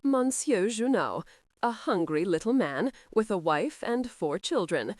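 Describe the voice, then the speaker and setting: A woman narrator voicing a blunt, gruff male conspirator who talks in a matter-of-fact way. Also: mid-range voice, big pitch swings, a little slow, darkish tone, dry recording, clean studio sound.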